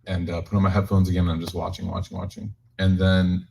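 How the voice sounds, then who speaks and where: A man's voice: deep voice, fast talker, creaky, a little hiss or hum. A man leading a Quran reflection for a community group, giving a casual religious talk full of jokes and personal stories that he tells straight to his listeners. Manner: animated, joking storyteller, addresses audience directly. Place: community gathering, live-streamed.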